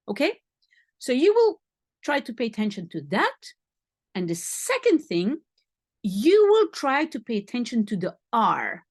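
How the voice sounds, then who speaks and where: A woman's voice: fairly high pitch, wildly swooping pitch, unhurried, no room sound. A woman teaching a language lesson, patiently explaining and repeating sounds for her student.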